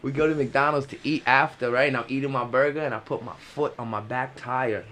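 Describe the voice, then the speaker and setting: A man's voice: mid-range voice, brisk, slight background noise. A young man from Queens, New York, telling car stories in a casual, profane podcast chat and acting out the sounds. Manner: animated, profane, acts out sounds and voices. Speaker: podcast co-host.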